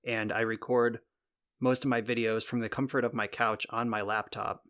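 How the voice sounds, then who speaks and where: A man's voice: medium pitch, little pitch movement, moderate pace, fairly bright tone, smooth. A man co-hosting a podcast in casual chat, rambling with lots of fillers and the odd swear, speaking from a home recording room. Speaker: podcast co-host.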